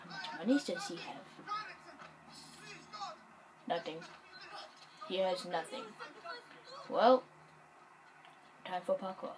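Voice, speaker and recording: A woman giving casual gameplay commentary, excitable and jokey, muttering and whispering to herself. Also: on the low side, slow pace, long pauses, a crowd in the background, rough recording.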